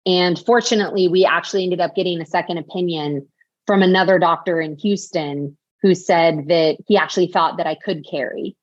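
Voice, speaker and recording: A woman's voice: lowish voice, fairly even intonation, fairly quick, no echo, muffled recording. A woman in her forties, a podcast guest, candidly telling a personal story in a heartfelt way, full of fillers. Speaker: podcast guest, author and speaker.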